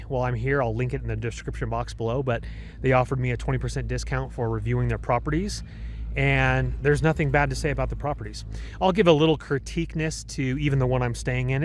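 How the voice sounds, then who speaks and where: A man's voice: mid-range voice, slight background noise. Male vlogger, mid-range voice, upbeat and rambling, outdoors on a ski hill. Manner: enthusiastic, rambling, with heartfelt talk of faith. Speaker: travel vlogger. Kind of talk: casual vlog narration while skiing.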